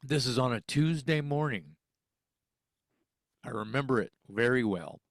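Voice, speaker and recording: A man's voice: mid-range voice, lively intonation, measured pace, gravelly, no echo, studio quality. A man who sings and teaches music, from Texas, telling a story in casual conversation, acting out phone calls and swearing freely. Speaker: interview guest, singer.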